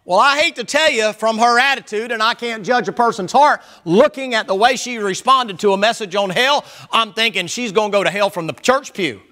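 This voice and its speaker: High, bright-voiced preacher man. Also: brisk, hardly any pauses. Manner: loud, emphatic, hollering at times. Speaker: pastor. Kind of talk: sermon.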